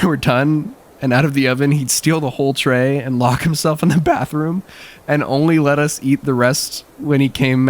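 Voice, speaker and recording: A young man telling a childhood story in a wry, casual way, laughing often. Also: on the high side.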